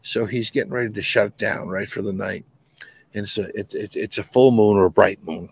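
A middle-aged man from New England, a guest telling a paranormal encounter story in a colloquial, swearing, animated way. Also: lowish voice, brisk, creaky, husky. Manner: colloquial, swears casually, restarts often. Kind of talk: animated storytelling in a podcast interview.

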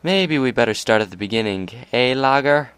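A man's voice: medium pitch, animated, moderate pace, fairly bright tone, clear, resonant tone, dry recording, lightly acted. A man reading aloud and voicing a cheerful, easygoing male pegasus pony. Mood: jovial.

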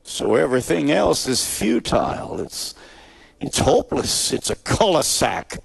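A man preaching his own testimony in a gravelly, mid-pitched voice, building to loud peaks and then dropping to near-hushed asides. The sound is close and dry, with little room around it. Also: wildly swooping pitch, a little slow, no echo. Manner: dramatic storyteller, swinging from loud high emphasis to quiet low asides. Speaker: evangelist telling his testimony. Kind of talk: sermon testimony storytelling.

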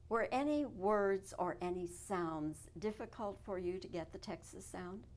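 A woman's voice: mid-range voice, unhurried. A woman interviewing an actress, chuckling and asking friendly questions. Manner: warm, chuckling, complimentary questions. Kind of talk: casual interview.

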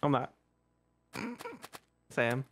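A man's voice: very slow, fairly bright tone. A man playing a co-op game with a friend, chatting casually and laughing often. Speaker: co-op gaming partner. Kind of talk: casual gameplay chat.

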